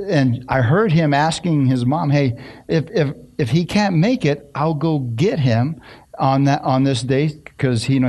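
A middle-aged pastor preaching a sermon in a conversational, storytelling way, often asking the congregation questions. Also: male voice, medium pitch, a little mellow. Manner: conversational, asks the congregation questions, many restarts. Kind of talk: sermon with personal stories.

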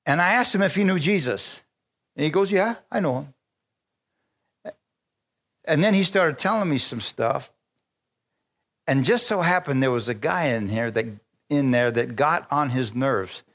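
A man preaching a sermon, telling stories with lively energy, stopping often to restart phrases and calling for amens. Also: mid-range voice, moderate pace. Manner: animated storytelling with frequent restarts and calls for amen.

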